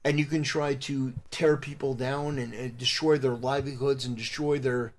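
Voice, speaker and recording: A content creator man giving a moralizing monologue, often pausing and restarting with fillers. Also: mid-range voice, fairly even intonation. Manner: moralizing, halting with many fillers. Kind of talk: preachy live-stream monologue.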